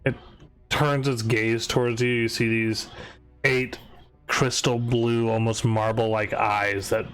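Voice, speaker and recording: A man running a live tabletop game as game master, narrating scenes in a measured, descriptive way. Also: mid-range voice, level tone, a bit bright, clean tone.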